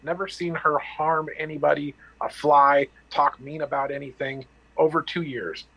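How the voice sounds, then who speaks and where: A man's voice: on the high side, steady tone, creaky, lo-fi sound. A man candidly telling a personal story, blunt and profane, acting out the dialogue and restarting his sentences. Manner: halting with restarts and fillers.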